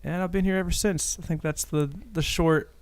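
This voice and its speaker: Smooth-voiced young man, relaxed podcast guest. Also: on the high side, a little fast, no room sound. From Buffalo, New York. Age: young adult. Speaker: guest, band member. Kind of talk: casual podcast chat.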